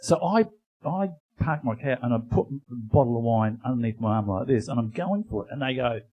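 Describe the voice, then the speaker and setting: A man with a mid-pitched, ordinary voice tells rambling stories on a live comedy podcast. He talks in a loose, anecdotal way, with false starts and asides. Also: expressive, fairly quick, narrow, tinny audio. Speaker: podcast co-host. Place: live venue with audience.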